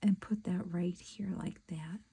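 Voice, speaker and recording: Slow, gravelly-voiced woman crafting and chatting. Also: fairly low pitch, steady tone, rough recording. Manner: chatty, talks to herself while working, soft asides. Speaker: crafting vlogger. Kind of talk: casual crafting chat.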